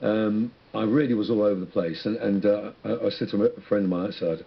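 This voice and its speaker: A husky man with a low voice speaks as a radio interview guest. He muses in a rambling, reflective way and keeps restarting his sentences. The sound is dull and lo-fi. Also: fairly even intonation, brisk, hardly any pauses. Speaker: musician guest.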